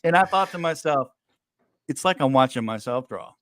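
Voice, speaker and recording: A man's voice: fairly high pitch, animated, moderate pace, fairly bright tone, no echo. Dry-miked man joking about himself. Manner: joking, self-deprecating storyteller. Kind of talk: casual chat.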